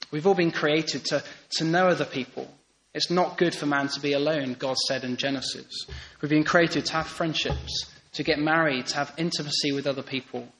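A man preaching a sermon in a church, speaking earnestly, repeating key phrases and softening to a hush on tender lines. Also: on the high side, low-quality recording. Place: church hall.

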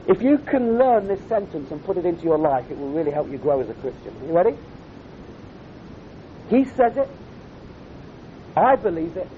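A man's voice: quick pace, few pauses. A man preaching a sermon at a camp, earnest and direct, often putting questions to his audience. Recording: dull lo-fi recording with faint rumble.

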